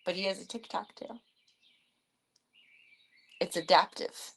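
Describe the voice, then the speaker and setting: Chatty young woman streamer, gravelly edge. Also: slow pace, pauses often, a bit bright. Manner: chatty, giggly, talks in a high sing-song baby voice to her cats. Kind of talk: casual live-stream chat with viewers and pets. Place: home stream room. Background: bird sounds and fan noise.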